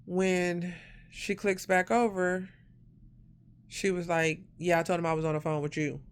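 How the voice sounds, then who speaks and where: A woman telling a personal story in a casual storytime monologue, acting out the quoted voices and growing loud and sharp when indignant. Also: fairly low pitch, flat delivery, measured pace, clear, resonant tone.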